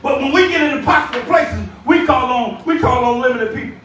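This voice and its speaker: A man preaching a sermon as bishop, shouting and calling out to the congregation, recorded from a distance in a church. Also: very high-pitched, fairly quick, slight background noise. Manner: shouting, call-and-response preaching. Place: church sanctuary. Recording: echoey church room, distant mic.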